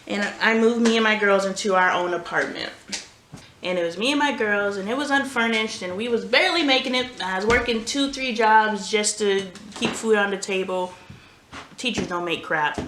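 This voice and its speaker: A woman's voice: medium pitch, normal speed, fairly bright tone. A woman vlogger and mother telling candid stories in casual chat while doing laundry at home. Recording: roomy home echo, faint noise.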